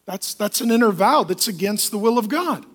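A man with a high-pitched voice delivers a sermon as pastor. He preaches with emphasis and slips into quoted voices to make his points. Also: animated, normal speed, fairly bright tone.

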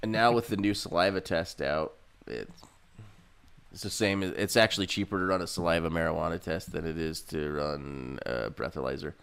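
A man's voice: low-pitched, moderate pace, creaky, a bit bright, smooth. A man in casual chat among friends, laid-back and joking.

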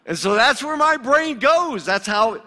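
A man's voice: very high voice, animated, measured pace, pushed and bright. A male pastor delivering a sermon in a conversational, emphatic way, in a church sanctuary. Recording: long reverb of a large hall.

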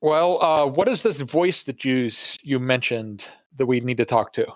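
A man playing a tabletop game, asking eager, playful questions of the game master. His voice is mid-pitched, and it sounds a little dull and muffled, recorded close and dry. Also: lively intonation, normal speed, no echo. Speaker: player. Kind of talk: tabletop role-play.

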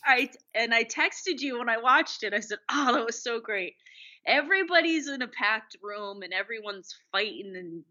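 A woman co-hosting a casual film podcast, telling scenes in an animated way. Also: on the high side, normal speed, few pauses, dull audio. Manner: animated storytelling, laughing. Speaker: podcast co-host.

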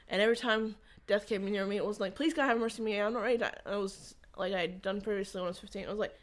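Woman telling her faith story in an interview, mid pitch, rambly, keeps restarting sentences. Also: steady tone. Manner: rambling, halting, with frequent restarts. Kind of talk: conversational testimony.

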